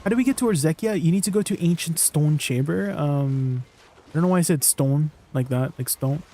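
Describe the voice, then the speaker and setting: A man's voice: on the high side, expressive, very fast, dark tone. A man chatting casually on a game live stream, answering viewers' questions and laughing at himself. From Canada.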